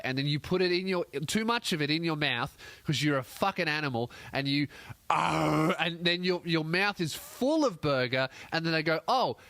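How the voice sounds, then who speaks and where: An exasperated man rants through a comic story, swearing freely and mimicking the people he talks about. His voice sits high for a man, and the sound is close and dry, recorded at a podcast mic. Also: a bit bright, no room sound. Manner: sweary, exasperated, acts out other people's lines. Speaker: comedian host. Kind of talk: comedic storytelling rant. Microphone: podcast microphone.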